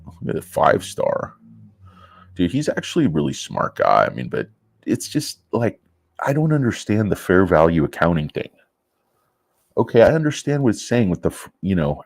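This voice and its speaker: A man's voice: deep voice, big pitch swings, moderate pace, creaky, darkish tone, dry recording. A man hosting a stock market vlog in a blunt, profane, sarcastic rant. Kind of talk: casual ranting vlog.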